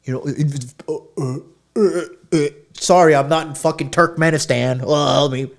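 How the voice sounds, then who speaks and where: A man's voice: fairly high pitch, fairly even intonation, normal speed, vocal fry. A male podcast host giving dating advice in a brash, profane rant, lecturing his listeners.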